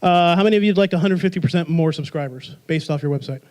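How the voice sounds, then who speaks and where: A notably high-voiced man presents a live workshop at a quick pace. Energetic and playful, he throws rhetorical questions at the audience to keep them involved.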